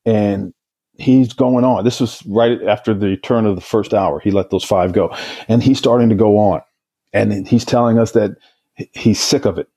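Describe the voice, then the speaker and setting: Low mellow guy, ex negotiator, telling a war story, stumbles and restarts a lot. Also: fairly even intonation, measured pace, breathy edge. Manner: vivid retelling, with repeated restarts. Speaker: former hostage negotiator. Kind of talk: storytelling in an interview.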